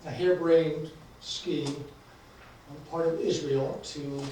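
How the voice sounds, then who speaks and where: A male author speaks in a hesitant, filler-laden way. His tone is mellow and soft. He is picked up from a distance in a strongly reverberant lecture hall. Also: fairly high pitch, steady tone, takes it slowly. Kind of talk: book talk and reading. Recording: echoey hall, mic from far off, faint noise.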